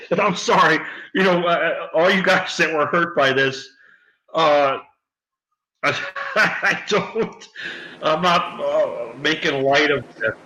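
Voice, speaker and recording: Male streamer, bright and chatty, loose and profane, prone to laughter, in a roomy space. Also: fairly high pitch, slow pace. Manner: laughs often, swears freely, rambling. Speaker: live streamer. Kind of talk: casual live-stream chat.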